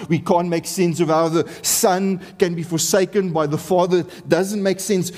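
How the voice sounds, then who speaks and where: A man's voice: fairly high pitch, dark tone. A man preaching a sermon with earnest, impassioned emphasis, often repeating phrases and rising in intensity. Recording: long reverb of a large hall.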